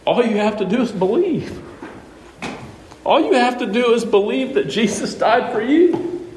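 A male pastor delivers a sermon in a high, lively voice that climbs and drops freely. He talks to the congregation in a conversational, animated way, full of rhetorical questions. The sound rings around a large echoey sanctuary, picked up from some distance with a faint hiss. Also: unhurried. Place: church sanctuary. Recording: echoey church room, mic at a distance.

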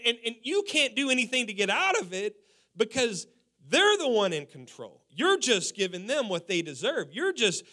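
High, bright-voiced man preaching with energy. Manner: animated preaching, quoting people in acted voices, laughing. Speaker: pastor. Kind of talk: sermon.

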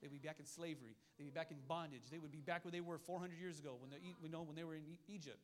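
High-pitched, fast-talking fiery preacher man. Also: fairly even intonation. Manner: fiery, repetitive preaching with call-and-response asides. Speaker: pastor. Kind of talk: sermon.

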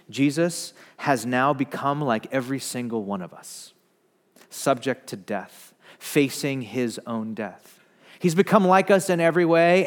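Man preaching in a reverberant hall. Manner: swings from loud emphatic preaching to hushed low narration. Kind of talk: sermon.

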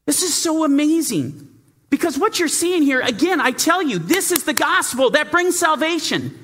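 A man delivers a sermon with urgent, emphatic force. His voice sits very high and sounds bright. His pitch swings widely as he presses each point. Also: sing-song, moderate pace, a little hiss or hum. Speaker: preacher.

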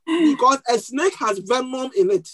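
This foreign-accented pastor's voice sits high and sounds animated, fairly bright and husky, moving at normal speed over a rough recording. Preaching before his congregation, he asks them questions and repeats key words in a call-and-response style.

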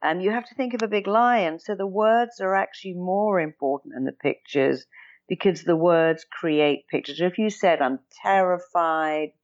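A woman therapist with a deep voice explains her ideas with emphasis. She acts out sample phrases in shifting tones to make her point. The recording sounds dull and lo-fi. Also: moderate pace, a little mellow. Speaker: therapist guest. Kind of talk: interview explanation.

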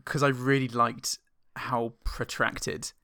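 A man's voice: medium pitch, slow pace, vocal fry, no room sound, studio quality. Jokey man co-hosting a film podcast. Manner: jokey, rambling, deadpan quips. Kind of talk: casual film-review chat.

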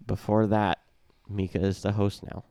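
A man's voice: on the low side, monotone, moderate pace, mellow, no echo. Stuffy-nosed man hosting a podcast. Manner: joking, laughs often. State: stuffy, congested from illness. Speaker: podcast host. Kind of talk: casual chat.

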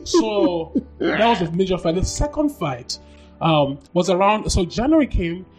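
A woman shares her story as a podcast guest, talking with lively emphasis and doubling back on her words. Her voice lifts sharply when she acts out what she once said. Faint music sits low underneath. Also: unhurried. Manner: animated, emphatic, acts out quoted dialogue, repeats phrases. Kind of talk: candid personal storytelling.

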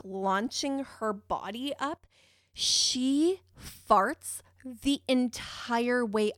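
A woman telling a personal story in a casual, animated way, giggly and swearing freely. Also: high voice, no room sound, clean studio sound.

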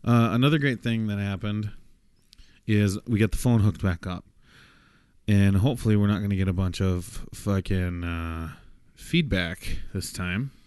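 A man's voice: lowish voice, unhurried, darkish tone, smooth, dry recording, studio quality. A man co-hosting a casual podcast, rambling and laughing, swearing freely as he fiddles with a phone call. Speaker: podcast co-host.

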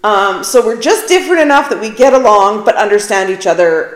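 Speaking a little fast, a middle-aged woman with an expressive mid-range voice hosts her own podcast. Her solo talk is casual and candid, with a self-deprecating streak, and the room sounds echoey.

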